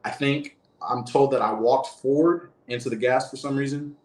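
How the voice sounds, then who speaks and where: A man's voice: mid-range voice, fairly even intonation, moderate pace, darkish tone. A man in a middle register recounting events as an interview guest, his telling loose and rambling, full of restarts and fillers. He sounds like he is sitting in a roomy, echoing space. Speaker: former prison guard, interview guest. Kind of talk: casual first-person storytelling.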